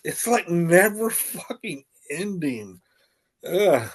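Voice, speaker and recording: A man's voice: high voice, big pitch swings, takes it slowly, slightly rough. A man in casual chat, sounding incredulous and swearing.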